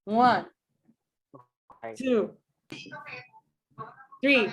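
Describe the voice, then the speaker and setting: A woman professor giving a phonetics lecture to a class, explaining clearly and demonstrating speech sounds slowly. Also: fairly high pitch. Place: classroom with students.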